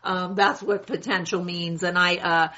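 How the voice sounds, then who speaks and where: A woman's voice: fairly low pitch, little pitch movement, unhurried, sharp tone. A woman in her sixties from California, sharing her story at a recovery meeting in a wry, self-mocking way. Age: 60s. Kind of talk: candid personal share at a meeting. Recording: dull lo-fi meeting recording.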